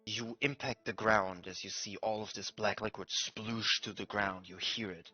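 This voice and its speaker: A man narrating as game master, in a hushed and halting way. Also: lowish voice, steady tone, slightly rough, dull audio, faint music behind. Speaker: dungeon master.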